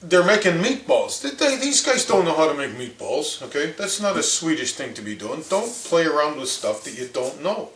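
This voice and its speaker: A man's voice: a little high, big pitch swings, moderate pace, hardly any pauses, fairly bright tone, roomy sound, a little hiss or hum. A man impersonating an opinionated older male hockey commentator, ranting in rambling, folksy asides. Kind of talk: comedic impression rant.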